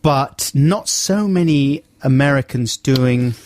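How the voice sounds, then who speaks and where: A man's voice: medium pitch, slow, darkish tone, no echo. A British man hosting a radio show, chatting casually and playfully with his co-host. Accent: British English. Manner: playful, with jokey silly voices. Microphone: studio microphone.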